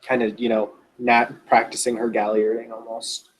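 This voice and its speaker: A man at a tabletop game talking through what his character does, full of fillers and restarts. His voice is mid-pitched and easygoing. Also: little pitch movement, moderate pace, slightly rough. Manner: rambling, filler-heavy, self-interrupting. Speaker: player. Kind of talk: casual tabletop narration.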